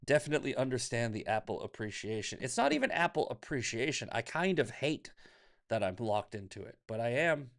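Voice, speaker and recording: A man's voice: mid-range voice, very animated, fairly quick, fairly bright tone. Profane ranting male livestream host. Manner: profane, ranting, laughs often; reads chat comments aloud. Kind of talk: casual livestream rant.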